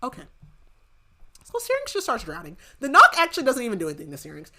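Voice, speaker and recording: A young woman talks through a book recap in a loose, rambling flow, and "like" turns up in nearly every phrase. Her voice is bright and forward. She sounds like a podcast co-host chatting casually with a friend. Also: on the high side, huge pitch swings, quick pace. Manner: rambling, filler-heavy retelling with lots of "like".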